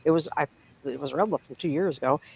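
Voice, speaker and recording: A woman's voice: sits low, fast, creaky, a little mellow, a little hiss or hum, rough recording. A woman from the Midwest co-hosting a casual livestream chat, gossipy and teasing, chuckling as she talks. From Midwest United States. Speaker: livestream co-host.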